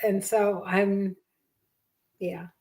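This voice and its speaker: A woman's voice: medium pitch, little pitch movement, very slow, a little mellow, low-quality recording. An older woman hosting a family podcast, speaking in a casual chat and fighting back tears. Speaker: podcast host, mother.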